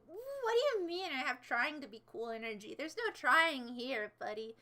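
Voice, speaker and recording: A young woman with a high, bright voice chats to her livestream viewers. She rambles from one thing to the next in a playful, theatrical way and throws in sudden dramatic outbursts. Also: big pitch swings, moderate pace, hardly any pauses. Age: young adult. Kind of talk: casual livestream chat.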